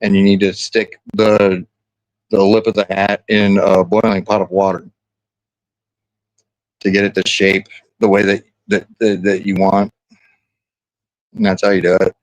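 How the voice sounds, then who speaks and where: A man's voice: deep voice, flat delivery, a little slow, pauses often, no echo, low-quality recording. Man, casual stream chat, rambling and crude, joking, dry recording. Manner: rambling, crude joking banter with frequent restarts.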